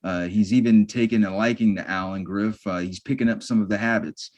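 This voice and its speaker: A man's voice: fairly low pitch, fairly even intonation, fairly quick, a little mellow, a little hiss or hum. A man co-hosting a podcast, summarizing a sitcom plot in a laid-back way with hesitant fillers. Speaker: podcast co-host. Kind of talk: casual chat recapping a sitcom episode.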